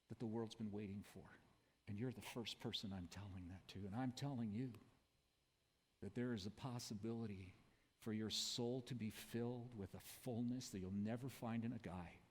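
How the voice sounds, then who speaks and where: A preacher plays a gentle male teacher from a Bible story, his voice dropped low and hushed. He sounds slow, intimate and earnest, compassionate but direct. The long reverb of a church hall hangs on every word. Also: lightly acted. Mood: tender, earnest.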